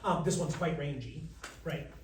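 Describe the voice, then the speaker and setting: Brief: male vocal coach, fairly high voice, teaching a room of teachers, mic at a distance, echoey hall. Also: normal speed, slight background noise. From United States. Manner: lively, jokey, demonstrates by singing. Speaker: vocal coach leading a masterclass. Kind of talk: live workshop talk. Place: large room with an audience. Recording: roomy, from across the room.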